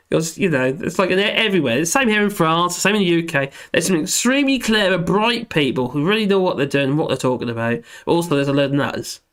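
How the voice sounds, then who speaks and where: A hoarse man rambling and joking through a casual livestream chat, reading out comments. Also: on the high side, fairly bright tone. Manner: rambling, self-deprecating, laughs often. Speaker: livestream host.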